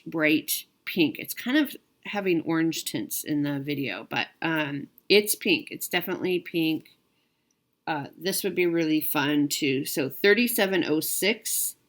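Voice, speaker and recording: A woman from the United States hosting her own stitching video, chatting casually to viewers with lots of fillers and restarts. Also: sits low. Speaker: cross-stitch video host.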